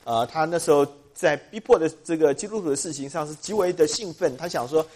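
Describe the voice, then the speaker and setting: A man interpreting a sermon live in a church, hesitating often and filling pauses with short filler sounds. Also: a little high, a little mellow.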